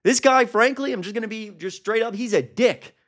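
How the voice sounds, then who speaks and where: A man's voice: high voice, a bit bright. A young man reacting to a protest video as a political commentator, indignant and exasperated. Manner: indignant, exasperated, quick asides.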